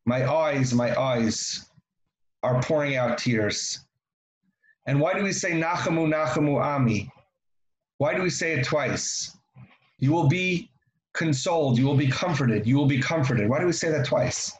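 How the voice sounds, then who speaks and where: A man's voice: a little high, lively intonation, a little slow. Man teaching a Torah lesson in an echoey room. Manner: repeats key phrases, asks rhetorical questions.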